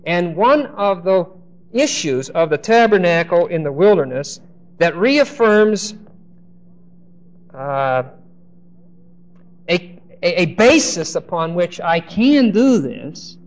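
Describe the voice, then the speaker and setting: A man teaching a Bible study class, stressing key words by slowing down and often hesitating or restarting phrases. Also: on the high side. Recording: dull lo-fi recording.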